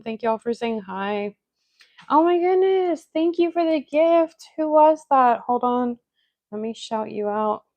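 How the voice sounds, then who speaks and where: A young woman hosting a casual livestream, her voice congested from a cold and a little gravelly at the edges. She chats easily and greets viewers by name. The sound is dry and close, with no room around it. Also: mid-range voice, no room sound. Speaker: livestream host doing nail art.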